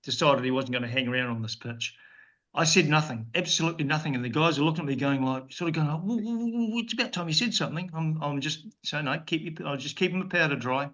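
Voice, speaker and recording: A fast-talking former cricketer from New Zealand, in his sixties, uses an on-the-high-side, slightly bright voice. As a guest in a casual storytelling interview on a dull lo-fi podcast, he rambles through dry, funny anecdotes, restarting often.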